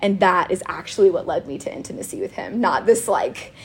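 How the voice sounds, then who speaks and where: A woman chatting casually about faith and telling a personal story, animated and quick to laugh, with lots of "like". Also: on the low side, breathy edge. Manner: animated and giggly, with frequent laughter and filler "like".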